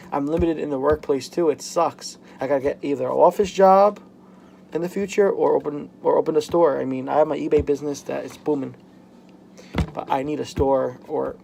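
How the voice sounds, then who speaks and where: A young man talking frankly in a personal vlog at home, halting and full of "like" fillers. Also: medium pitch, creaky, darkish tone, slight background noise. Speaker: vlogger. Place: home, at a workbench.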